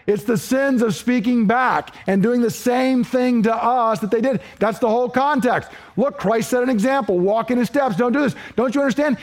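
High-voiced earnest preacher man. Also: normal speed, few pauses. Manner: earnest, questioning, swings from emphatic to hushed. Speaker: pastor. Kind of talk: sermon.

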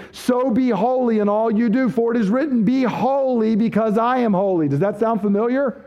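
A man preaching a sermon as a pastor, emphatic, dropping low and slow when he quotes scripture. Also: warm tone.

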